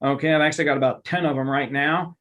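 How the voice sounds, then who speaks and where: Emphatic, animated male presenter. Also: fairly high pitch, fast. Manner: emphatic, animated, repeats phrases for effect. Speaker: workplace trainer and coach. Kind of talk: live online lunch-and-learn presentation.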